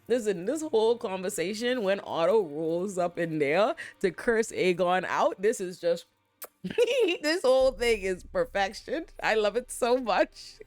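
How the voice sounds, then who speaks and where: Woman host, casual profane TV recap, animated and amused. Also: mid-range voice, measured pace.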